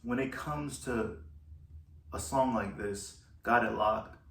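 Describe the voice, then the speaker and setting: A man, a musician, talking through how he wrote one of his album's songs in a slow, thoughtful way with pauses. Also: mid-range voice, fairly bright tone, reverberant, far from the mic. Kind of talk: reflective solo talk.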